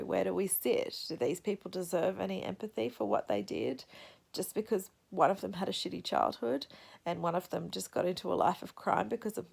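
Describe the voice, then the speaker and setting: A young woman chats casually about her reading, thoughtful and halting as she works through her reactions. Her voice carries a gravelly fry and she sounds teary after crying. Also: mid-range voice. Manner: reflective, soft-spoken, halting. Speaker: book vlogger.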